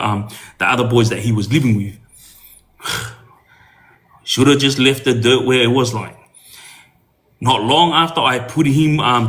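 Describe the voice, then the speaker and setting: A man's voice: medium pitch, fairly bright tone. A man telling a personal story in casual talk, earnest, with many hesitations and restarts. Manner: earnest, speaks straight to younger listeners. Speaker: podcast guest telling a story.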